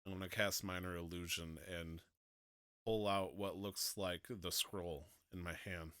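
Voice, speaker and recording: A man's voice: low-pitched, steady tone, measured pace, sharp tone, clean tone, no echo, studio quality. A man playing a tabletop game, describing his character's actions in the first person. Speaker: player. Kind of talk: tabletop role-play.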